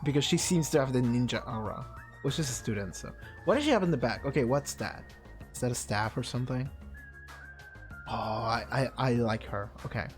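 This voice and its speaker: A woman's voice: rumbling low, expressive, a little fast. A woman streaming a visual novel, rambling through blunt, offhand opinions on the characters, with faint game music behind her. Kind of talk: casual let's-play commentary, reading dialogue aloud.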